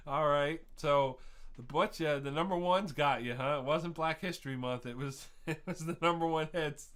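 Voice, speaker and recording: A man's voice: on the high side, fairly bright tone. A man hosting a live online trivia quiz, chatty and laughing at his own jokes, drifting into rambling rants between answers.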